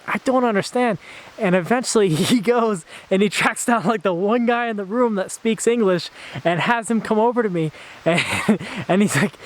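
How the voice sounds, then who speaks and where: A young man telling a story in a casual, animated way, acting out the quotes and laughing often. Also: high voice. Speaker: vlogger.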